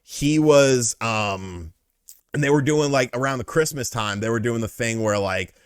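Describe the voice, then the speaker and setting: A man hosting a casual interview, telling stories in an animated, profane way. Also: mid-range voice, unhurried, clear, resonant tone, no echo, studio quality. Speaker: host.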